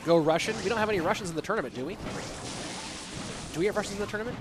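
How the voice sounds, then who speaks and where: A man casting a live esports match on his own, answering chat between excited play calls. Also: sits high, very fast. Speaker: esports caster. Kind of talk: solo live esports commentary with chat reading. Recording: loud music behind voice.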